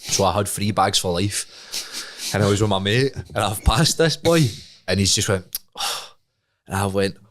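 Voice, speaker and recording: A young Scottish man with a deep voice recounts a story as a podcast guest. He laughs often and acts out the dialogue in casual chat. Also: measured pace, dry recording, clean studio sound.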